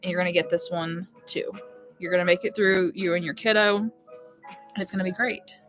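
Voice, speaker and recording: A woman's voice: lowish voice, steady tone, fairly quick, a bit bright. A woman chatting casually and frankly with her viewers during a live stream, reassuring and direct. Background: faint music playlist.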